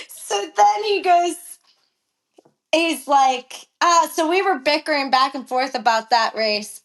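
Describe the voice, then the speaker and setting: Guesting on a podcast, a woman who rides as a professional jockey shares a lively story during a casual interview. Her voice is high, and she tells it with animated, profane energy, raising her voice to act out quotes.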